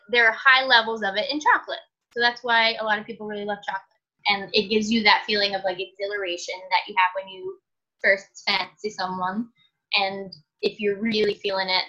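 A woman's voice: medium pitch, bright, forceful tone, highs cut off. A woman co-hosting a podcast, chatting casually and laughing often, with lots of fillers. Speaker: podcast co-host.

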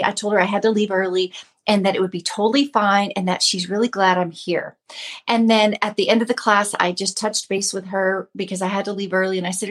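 A woman in her fifties giving a casual devotional talk to her viewers, earnest and chatty, repeating herself often. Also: medium pitch. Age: 50s. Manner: earnest, chatty, with frequent repetition. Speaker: host of a Christian mom channel.

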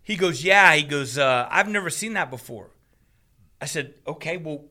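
A man casually retelling a frustrating story, animated and profane, laughing as he goes. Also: fairly high pitch, moderate pace. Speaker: storyteller on a talk show. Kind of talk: casual chat.

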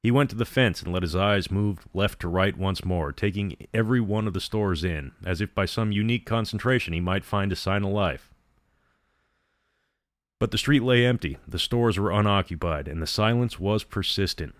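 A man narrating a story in a measured, dramatic reading. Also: fairly low pitch, no room sound, studio quality.

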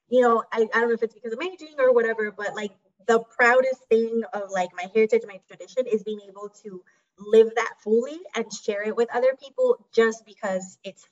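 A woman from Mexico, a teacher and podcast guest, chatting casually with many filler words. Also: on the high side. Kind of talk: casual conversational storytelling. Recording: muffled distant remote audio.

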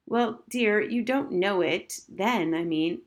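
A woman's voice: mid-range voice, takes it slowly, lightly acted. A woman reading as a breezy, amused society mother. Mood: musing. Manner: airy, amused, calls everyone dear.

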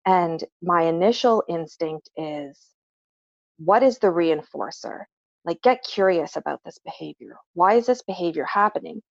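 Woman behavior analyst chatting on a podcast, gravelly voice, dry lo-fi sound. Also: fairly low pitch, animated, normal speed, no room sound. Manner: explains patiently with everyday examples. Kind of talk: casual podcast chat. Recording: dull, slightly lo-fi dry recording.

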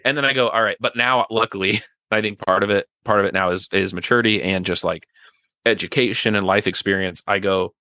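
A man's voice: lowish voice, a little fast, sharp tone, dry recording. A man in a casual podcast chat, talking earnestly and at length, full of "like" and "right?". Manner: earnest, rambling, many "like" and "right?".

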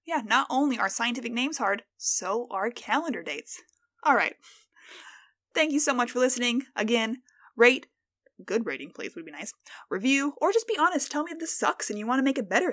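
A woman's voice: sits high, very animated, a little fast, a bit bright. A young American woman hosting a casual solo podcast, playful and self-mocking as she stumbles over words. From United States. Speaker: podcast host.

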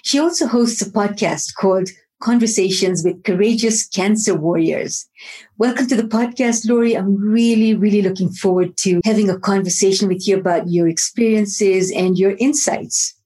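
A woman hosting a podcast, reading a measured introduction of her guest and then asking her questions. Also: mid-range voice, warm tone. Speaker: podcast host. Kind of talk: scripted introduction, then interview. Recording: faint guitar music behind.

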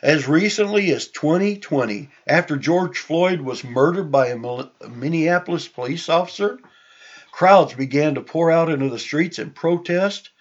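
Man, sermon, slow delivery, breathy voice, conversational asides, muffled lo-fi sound. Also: fairly high pitch, animated. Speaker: preacher. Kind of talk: sermon with scripture reading. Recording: dull lo-fi recording.

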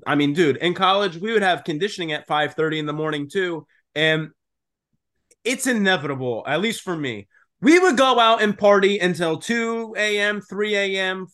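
A young adult man co-hosting a podcast in casual chat, animated, swearing freely and saying "dude" and "like" a lot. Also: sits high. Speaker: podcast co-host.

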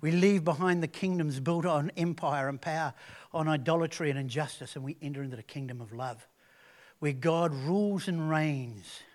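A man's voice: a little high, normal speed. A man preaching a sermon as pastor, earnest and conversational, with restarts and rising swells of emphasis.

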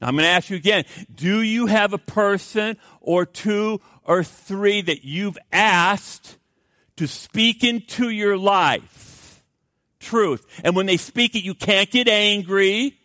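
A middle-aged man preaching a sermon as pastor, swinging between loud urgent pleas and hushed low asides, often repeating words for emphasis. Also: takes it slowly, no room sound, studio quality.

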